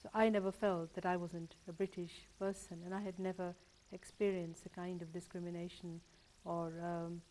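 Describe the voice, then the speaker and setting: A woman solicitor speaks as a studio guest, measured and thoughtful. Her voice is low and mellow, with faint hiss behind it. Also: flat delivery. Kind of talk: studio discussion.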